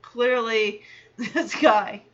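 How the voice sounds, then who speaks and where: High, bright-voiced podcast host woman. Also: drawn-out words, highs cut off. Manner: animated, acts out quotes with chatty asides. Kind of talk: casual episode recap.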